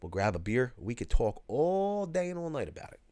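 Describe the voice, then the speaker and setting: A man's voice: medium pitch, sing-song, a little fast, dark tone, no echo, studio quality. Laid-back slangy man reading live chat. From Philadelphia, USA. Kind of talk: casual livestream chat.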